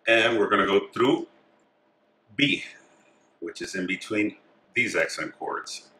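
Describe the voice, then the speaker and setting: A man calmly talking through each step of a craft tutorial as he works with his hands. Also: lowish voice, slow, a little hiss or hum. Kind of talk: step-by-step instruction. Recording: echoey room.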